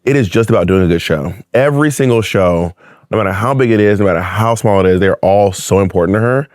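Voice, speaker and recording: A man in his thirties, a guest in a casual interview, telling stories with big swings of pitch and frequent laughter. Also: quick pace, no room sound, studio quality. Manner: animated storyteller, laughs often, swings pitch for effect. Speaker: guest, drag performer and author.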